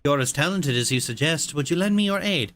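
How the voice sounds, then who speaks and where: Dude reading a blunt little bug warrior girl from a game, plain voice, pretty bright. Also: on the high side, lively intonation, fairly quick. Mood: curt. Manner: plain, direct questions. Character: terse young female insect warrior. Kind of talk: reading game dialogue aloud.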